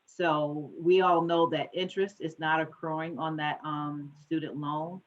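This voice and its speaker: Lady financial advisor giving a conference talk, gets excited and talks fast, dull lo-fi sound. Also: low-pitched.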